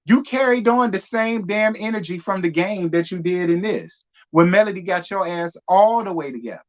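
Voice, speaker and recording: A man's voice: high-pitched, moderate pace. A man, giving sassy, emphatic commentary on reality TV. He drives his points home by repeating them. The audio is muffled and lo-fi. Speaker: reality TV recap host. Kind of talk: live review commentary.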